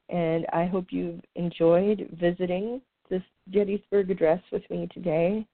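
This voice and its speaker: Earnest woman host with a low, thin-sounding voice. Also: no echo. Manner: earnest and heartfelt, with frequent filler pauses. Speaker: podcast host. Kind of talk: casual reflective podcast talk. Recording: dry, phone-like narrow sound.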